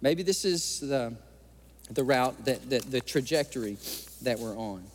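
A man's voice: mid-range voice, expressive, a little slow, a little hiss or hum. A male pastor preaching an impassioned sermon in a church. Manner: impassioned preaching, tearful at times. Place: church sanctuary. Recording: long hall reverb.

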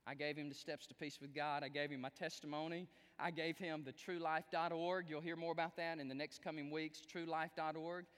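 A man preaching a sermon and telling a story, speaking straight to his congregation in an animated way. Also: on the high side, fairly quick, hardly any pauses, clear, resonant tone, in a large hall. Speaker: pastor.

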